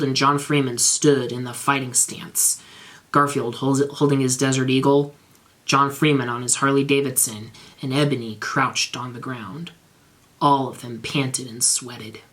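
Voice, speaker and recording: A man reads fan fiction aloud in a flat, matter-of-fact way, letting the absurd lines land without comment. The pitch is mid-range and the pacing is steady.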